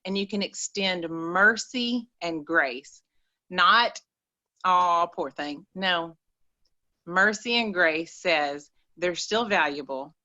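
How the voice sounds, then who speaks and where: A woman's voice: on the low side, slow pace, bright, forceful tone, muffled recording. A woman co-hosting a spiritual talk show, coaching in an earnest, emphatic way. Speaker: co-host, life coach.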